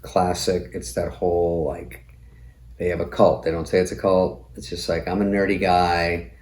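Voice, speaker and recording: A middle-aged man hosts a comedy show with a sardonic, profane monologue. His voice sits on the low side. The sound carries a roomy echo. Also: little pitch movement, normal speed, dark tone. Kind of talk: comic monologue.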